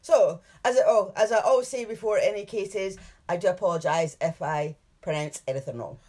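Woman co-host, conversational case narrator who laughs easily; middle-pitched, natural everyday delivery. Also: fairly quick, a little mellow. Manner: chatty, laughs often, hedges over details. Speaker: true crime podcast co-host. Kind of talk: casual chat and case narration.

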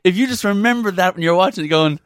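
A man's voice: high-pitched, fast talker, no room sound, clean studio sound. A man, co-hosting a podcast in casual banter, reading out dates and swearing often as he acts out quotes. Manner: swears a lot, acts out quotes in put-on voices. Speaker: podcast co-host.

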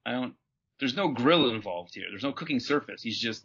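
Male podcast co-host, halting deadpan delivery, bright and husky. Dull lo-fi audio. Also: medium pitch. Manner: rambling, halting, deadpan jokes. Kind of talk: casual comedic chat.

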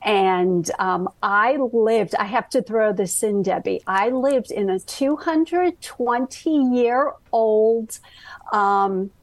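A woman with a Brooklyn accent, a guest author telling her life story in an interview, slow and halting with many ums. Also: mid-range voice, dry recording, rough recording. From Brooklyn, New York. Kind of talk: interview conversation.

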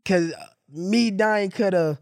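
A man's voice: high voice, takes it slowly, creaky, clean tone, dry recording, clean studio sound. A young man hosting a podcast, telling a story and acting out the people in it. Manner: animated storyteller, acts out dialogue. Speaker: podcast host. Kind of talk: casual storytelling chat.

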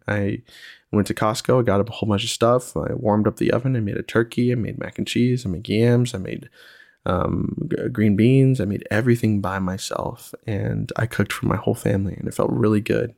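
A young adult man hosting a casual solo podcast, reflective and relaxed, with many ums and you-knows. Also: on the low side, fairly quick, vocal fry, dry recording, studio quality. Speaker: podcast host, single father.

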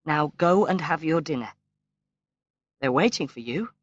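A man doing a frail, brisk old mother. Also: on the high side, lively intonation, voice pushed up. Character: frail, gently teasing elderly mother. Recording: dull, lo-fi, dry recording.

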